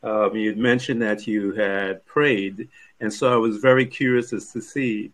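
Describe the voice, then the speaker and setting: A man's voice: on the low side, fairly even intonation, unhurried, low-quality recording. A man interviewing a guest, giving encouraging responses and asking long, winding questions. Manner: warm, encouraging backchannels and long rambling questions.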